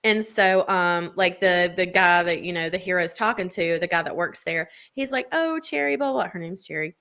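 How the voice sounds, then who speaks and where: A woman's voice: lowish voice, normal speed, pushed and bright. A woman in casual chat, gushing as she retells a book's plot with lots of filler words. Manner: gushing book recap full of "like" fillers.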